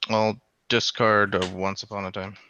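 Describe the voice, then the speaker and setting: A man's voice: on the low side, flat delivery, normal speed, bright, forceful tone, muffled recording, slight background noise. A man playing a card game match, terse and matter-of-fact as he announces his plays. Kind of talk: casual tabletop play talk.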